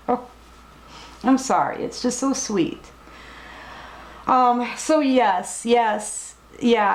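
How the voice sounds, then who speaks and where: Woman doing a tarot reading, slow soft reassuring talk, kinda echoey room. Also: mid-range voice. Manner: gentle, reassuring, emotional, talks directly to the viewer. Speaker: tarot reader. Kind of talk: collective tarot reading to camera.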